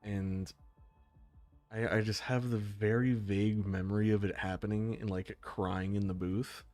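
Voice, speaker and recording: A man's voice: fairly low pitch, flat delivery, a little slow, darkish tone, soft background music. A young man streaming, chatting casually with viewers, swearing freely and laughing often.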